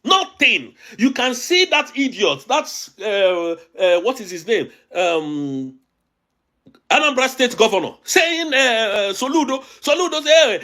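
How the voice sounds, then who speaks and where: A man's voice: very high voice, big pitch swings, measured pace, pushed and bright. A man with a Nigerian accent giving emphatic, agitated political commentary as an online show host, often repeating phrases. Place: abroad, recording a video.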